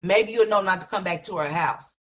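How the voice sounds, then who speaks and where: A woman's voice: mid-range voice, a little fast, fairly bright tone. A woman hosting a livestream, ranting in a blunt, mocking, profane gossip commentary full of rhetorical questions.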